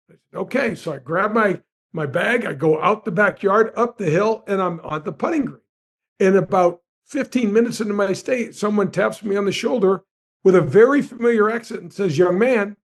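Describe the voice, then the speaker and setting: A man in his sixties who once played golf professionally on tour appears as a guest with a higher-pitched voice. He spins animated anecdotes full of big pitch swings, frequently calling the host by name.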